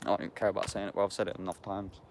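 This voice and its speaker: A man's voice: sits low, level tone, very fast, a little hiss or hum. A young man from Epsom, chatting casually to his livestream viewers, slangy and sweary, tagging bruv onto everything. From Epsom, England. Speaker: YouTuber talking to viewers.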